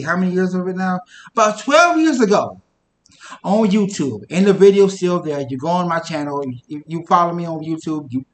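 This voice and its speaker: A man's voice: fairly high pitch, echoey room. A man talking casually to the camera for his channel, rambling and interrupting himself. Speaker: YouTuber.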